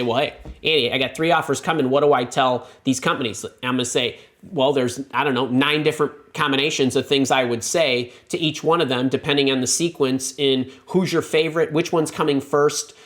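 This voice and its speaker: A man coaching on job interviews, speaking in a lively, emphatic way with frequent restarts. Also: a little high. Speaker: career coach answering a viewer question. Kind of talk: casual advice talk.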